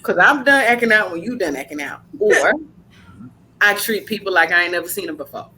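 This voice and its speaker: Woman podcast host, punchy and blunt, bright edge to the voice. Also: medium pitch, a little fast, slight background noise. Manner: blunt, animated storytelling with slang. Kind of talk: casual podcast chat.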